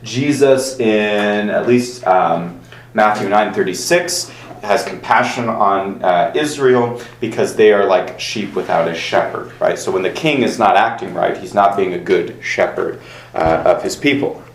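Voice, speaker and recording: Guy teaching bible class, lots of ums and uhs, reads verses out, kinda deep voice, roomy echo. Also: unhurried. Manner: chatty, many fillers, reads verses aloud. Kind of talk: casual Bible class lecture. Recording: echoey room.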